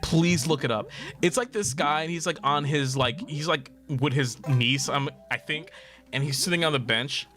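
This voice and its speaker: A man's voice: on the high side, normal speed, sharp tone. A man streaming a video game, chatting casually, laughing often and swearing freely. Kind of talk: casual gaming stream chat. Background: game music.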